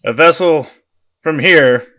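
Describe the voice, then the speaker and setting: A commanding leader delivering a stirring broadcast to a town, grand and theatrical. A man plays him during a tabletop game. The voice is bright and forceful. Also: on the high side, slow. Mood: rousing. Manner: grand, speech-like, laughing through it. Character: male leader giving rousing speech.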